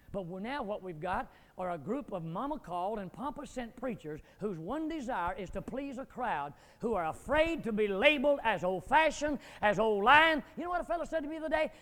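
An older man preaching a fiery revival sermon, swinging from quiet scripture reading to loud shouting. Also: sits high. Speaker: pastor. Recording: echoey hall.

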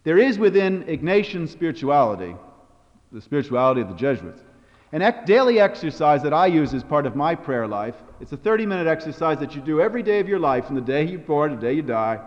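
A man preaching a sermon, telling stories with a varied, expressive delivery. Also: on the high side, quick pace. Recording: dull sound with long hall reverb.

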